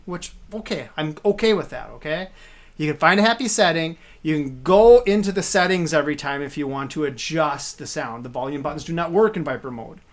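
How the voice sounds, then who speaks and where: A man's voice: on the high side, fairly bright tone. Rambling man on a live tech stream. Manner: rambling, explains hands-on with fillers.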